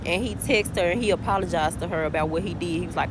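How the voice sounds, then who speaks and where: A woman casually telling a story, animated and profane, often calling her listeners "y'all". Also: lowish voice, fast. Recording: noisy background with passing cars.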